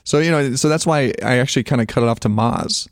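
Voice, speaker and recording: A man chatting as a podcast guest, relaxed and conversational, in a room. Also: medium pitch, fast, dry recording, clean studio sound. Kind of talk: casual chat.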